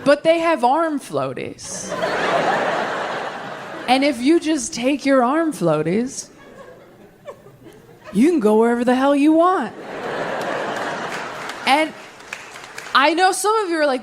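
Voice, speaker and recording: A young woman doing stand-up comedy, telling stories in a deadpan way and acting out bits of dialogue on a live stage. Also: high voice, slow pace, long pauses, some chatter behind, a little hiss or hum. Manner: deadpan storytelling with acted-out dialogue. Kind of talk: stand-up set. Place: comedy stage before a laughing audience.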